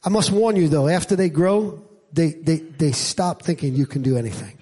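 A middle-aged man preaching a sermon as pastor, animated and climbing loud for emphasis. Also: a little high, moderate pace, husky. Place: church.

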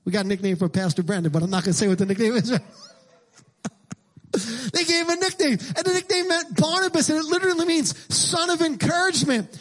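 A middle-aged man preaching a sermon as pastor, emphatic and repetitive, rising into shouted lines. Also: extremely high pitch, animated, fast.

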